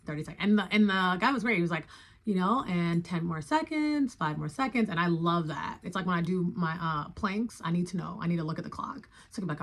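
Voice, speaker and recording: A young adult woman telling a story in a casual, chatty way, acting out her own reactions with sudden high exclamations. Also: fairly quick. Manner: animated, acts out her own reactions with big jumps in pitch; chatty and loose, full of "like" and "y'all".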